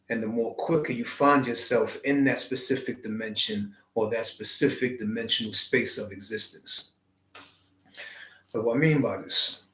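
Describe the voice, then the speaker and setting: A man hosting his channel, giving a slow, reflective spiritual talk with deliberate, drawn-out phrasing. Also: medium pitch, roomy sound, poor audio. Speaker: channel host.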